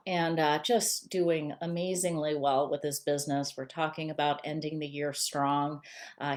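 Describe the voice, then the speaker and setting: A woman's voice: on the low side, a little mellow. A woman business coach who talks in a chatty, welcoming way as she speaks directly to viewers in a live-streamed talk. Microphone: computer camera for a live stream.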